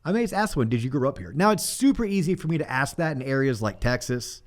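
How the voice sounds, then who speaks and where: Speaking fast and animatedly at a medium pitch, a middle-aged man runs a casual podcast chat. He's a mortgage coach who demonstrates small talk by performing sample phone calls.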